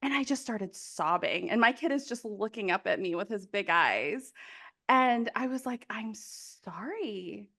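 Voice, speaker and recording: A woman's voice: mid-range voice, expressive, moderate pace, bright, forceful tone. A woman in her thirties hosting a podcast, talking emotionally and rambling, often laughing. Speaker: podcast host. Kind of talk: casual conversation.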